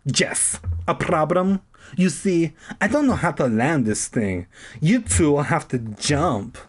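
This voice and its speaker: A man's voice: on the high side, expressive, slow, breathy edge, pitched above the performer's own voice, exaggerated voice. A man voicing a joking male pilot in a put-on accent, teasing and mock-grim.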